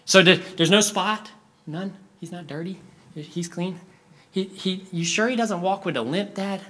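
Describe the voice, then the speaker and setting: A man acting out an anxious young boy who keeps pleading with his father in a rushed, stammering voice during a sermon story. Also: sits high, fairly bright tone, pitched above the performer's own voice.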